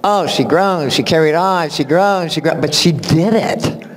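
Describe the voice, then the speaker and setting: A man, a music teacher, giving a spoken introduction at a recital in animated storytelling fashion, acting out what people said and laughing often. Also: a little high, a little slow. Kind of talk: spoken tribute speech at a recital. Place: recital hall. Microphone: far camera. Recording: long hall reverb from a camera.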